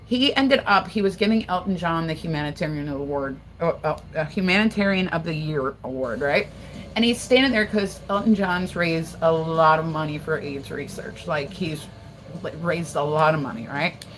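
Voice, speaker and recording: A woman's voice: low voice, normal speed, slight background noise, low-quality recording. Profane rambling woman livestreamer. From Delaware, USA. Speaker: livestream host. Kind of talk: casual livestream chat.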